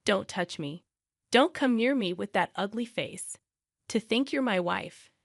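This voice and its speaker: A woman voicing a selfish young husband who talks in a curt, blaming way, with a slightly lower voice than her narration. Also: lively intonation, measured pace, creaky, dry recording, studio quality. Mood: drunk, angry.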